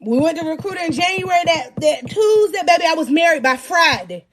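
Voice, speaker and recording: A young woman hosts a live show with a high, bright voice. She tells her story in slangy, lively talk and keeps turning to the crowd to pull them in. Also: a little fast. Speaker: podcast host.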